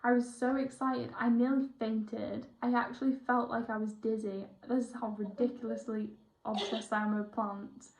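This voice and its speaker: A young woman, a spiritual healer chatting excitably through a one-on-one session, rambling and correcting herself as she goes. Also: on the high side, moderate pace, hardly any pauses, a little hiss or hum. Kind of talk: casual one-on-one session chat. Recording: roomy, dull lo-fi sound.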